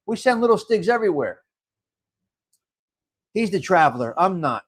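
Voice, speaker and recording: Lively high-pitched man hosting a live chat. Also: normal speed, slightly rough. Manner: chatty, laughs often, rambling. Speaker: livestream host. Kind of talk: casual live chat reading viewer comments.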